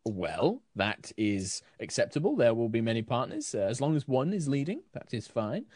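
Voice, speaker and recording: A man's voice: mid-range voice, sing-song, moderate pace, darkish tone, dry recording, studio quality. A man voicing a fussy, formal male court advisor in a put-on accent, polite and hesitant. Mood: instructive. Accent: put-on character accent.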